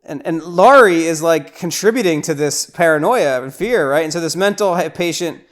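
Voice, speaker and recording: A man's voice: on the high side, moderate pace. A man hosting a podcast, casually recapping a horror movie scene by scene, with lots of restarts and repeated words. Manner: grows loud and excited at gory scenes. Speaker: podcast host.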